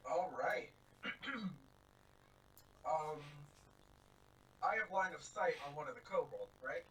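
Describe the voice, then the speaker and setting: A man's voice: on the high side, takes it slowly, fairly bright tone, slightly rough, low-quality recording. A man playing in a tabletop game, laying out his moves in a plain, matter-of-fact way. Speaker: player. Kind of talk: casual tabletop game chat.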